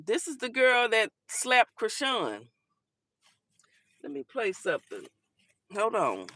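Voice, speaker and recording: A woman's voice: a little high, huge pitch swings, slow, a bit bright, dry recording, studio quality. A woman hosting a casual talk show, chatting and giving sassy commentary on viral clips, calling listeners honey and baby.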